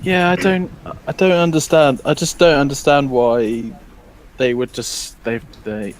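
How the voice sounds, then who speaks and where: A man's voice: medium pitch, steady tone, measured pace. A man who is a guest on a casual tech chat show, hesitant and repeating words as he thinks.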